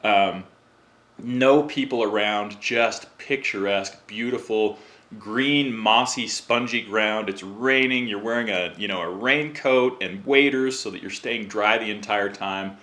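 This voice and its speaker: A man's voice: on the low side, measured pace, sharp tone. A man, a podcast guest, telling a long story in a chatty way and acting out the voices of the people in it. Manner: chatty, acts out quoted voices. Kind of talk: casual storytelling.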